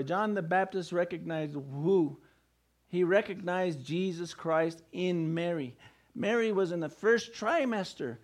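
A male pastor preaching a sermon, emphatic and firing rhetorical questions at the congregation. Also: sits high.

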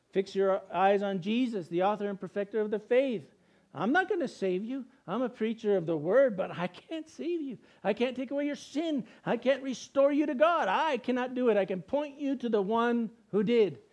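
High-voiced emphatic male preacher. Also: animated, normal speed. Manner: emphatic, repetitive cadence with sudden loud bursts. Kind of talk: sermon.

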